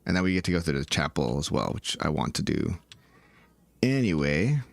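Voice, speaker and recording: Gravelly, lively man doing game commentary. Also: a bass voice, moderate pace, no echo. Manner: thinks aloud and talks to viewers; swings from calm planning to loud outcries. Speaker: gaming video creator. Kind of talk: let's-play commentary.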